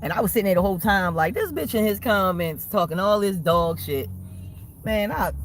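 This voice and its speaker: A woman's voice: medium pitch, animated, moderate pace, slight background noise. A woman livestreaming and chatting casually with her viewers, rambling, swearing freely and laughing often.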